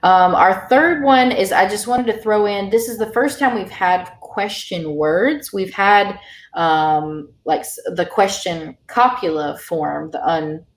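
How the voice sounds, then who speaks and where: A woman's voice: medium pitch, slow, roomy sound. A woman teaching an online language lesson over a video call, explaining patiently with many fillers.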